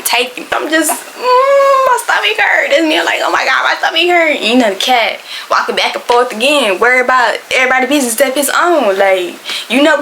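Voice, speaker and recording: An animated woman tells a casual storytime in a fairly high voice. She gets dramatic, jumps up in pitch for quoted lines and drops to whispers. A faint noise sits under the recording. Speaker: storyteller vlogger.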